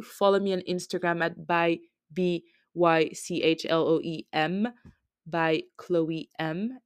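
Smooth and fairly low in pitch, this French-accented woman hosts a podcast, chatting her way through a loose recap and leaning heavily on filler words as she rambles. The studio-quality audio has no echo.

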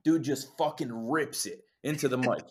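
At medium pitch and normal speed, with a slightly rough edge, a young man from New Jersey talks as a guest in a casual interview. The lead singer tells stories with animation, curses a lot, and acts out others' words.

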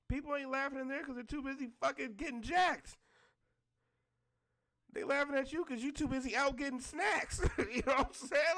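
A man's voice: extremely high pitch, moderate pace, fairly bright tone. A man delivering a blunt, exasperated, profane rant straight to his audience. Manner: blunt, exasperated, heavy swearing.

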